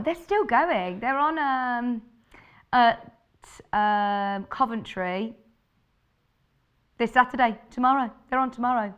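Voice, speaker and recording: A woman's voice: a little high, slow pace, long pauses, clear, resonant tone, highs cut off. A woman presenting fabrics live on a shopping channel, chatty and gushing as she reads out viewer messages. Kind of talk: live on-air product presentation.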